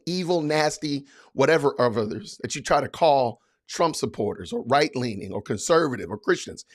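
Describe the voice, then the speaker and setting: A man hosting a podcast, giving sarcastic political commentary in a mocking, hyped-up, repetitive way. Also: fairly high pitch. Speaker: podcast host.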